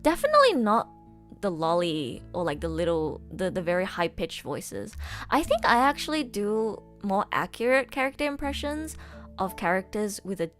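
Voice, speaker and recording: A woman's voice: medium pitch, sing-song, moderate pace, fairly bright tone, soft background music. A young adult woman voice actress chatting casually on a live stream, bubbly and giggly, gushing with enthusiasm.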